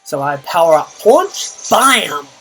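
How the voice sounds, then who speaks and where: A man's voice: fairly high pitch, big pitch swings, slow pace, a bit bright, soft background music, low-quality recording. Dry, muttering young man commentating a game. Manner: muttered, dry running commentary with groans and sighs. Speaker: channel host and player. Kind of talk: live gameplay commentary.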